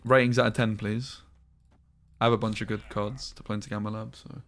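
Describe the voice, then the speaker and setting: A man's voice: on the low side, little pitch movement, brisk, a bit bright, soft background music. A young man chatting casually while streaming a game, telling rambling stories with slang and the odd swear word. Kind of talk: casual live-stream chat over gameplay.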